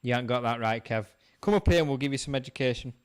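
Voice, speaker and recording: A man's voice: mid-range voice, very fast, smooth. A man with a West Yorkshire accent, hosting a casual online pub chat, bantering and laughing often. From England. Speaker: host.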